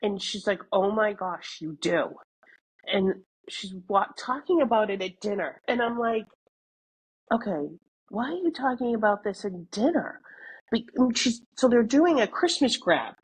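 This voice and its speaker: A middle-aged woman co-hosts a podcast, chatting and telling stories while laughing often and swearing casually. Her mid-range voice is expressive and a little slow with a breathy edge, in a low-quality recording.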